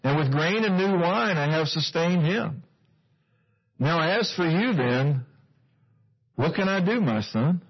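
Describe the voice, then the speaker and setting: A man's voice: a little high, lively intonation, slow, long pauses, breathy edge, pitched above the performer's own voice, full character voice. A man doing a solemn aged father. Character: aged solemn father pronouncing a hard verdict. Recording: dull lo-fi recording.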